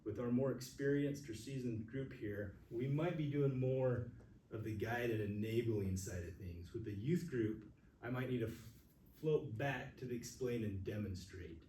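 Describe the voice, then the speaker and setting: A man teaches first aid to a seated class, speaking in an earnest and candid way as he tells stories from his nursing work. His voice is mellow and warm in tone. He sounds some distance from the microphone in an echoey room. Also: mid-range voice, normal speed, a little hiss or hum. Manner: earnest, speaks openly about emotion. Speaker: first aid instructor, nurse. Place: classroom with audience. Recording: echoey room recorded from far off.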